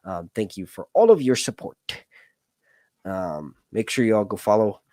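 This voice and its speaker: A man's voice: fairly low pitch, very animated, unhurried, mellow, no room sound, studio quality. A man hosting a casual livestream chat, rambling with lots of fillers and jokes. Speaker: host.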